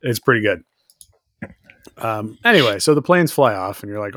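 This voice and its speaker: A man co-hosting a podcast, casually recapping a TV episode, laughing often and acting out characters in quick voices. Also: fairly low pitch, expressive, a bit bright, no room sound, clean studio sound. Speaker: podcast co-host.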